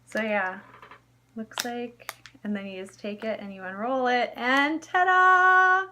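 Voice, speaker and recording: A woman's voice: medium pitch, fairly even intonation, unhurried, muffled recording, background noise. A young woman vlogger doing an unboxing video, gushing and squealing over cute items. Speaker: cosplay vlogger.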